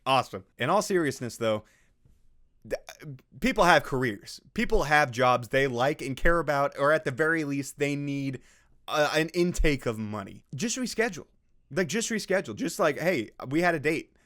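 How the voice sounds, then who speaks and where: A man's voice: on the high side, animated, moderate pace, fairly bright tone. Sarcastic casual guy reacting to a post. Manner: sarcastic, swears freely, laughs at his own jokes. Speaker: video host reacting to a social media post.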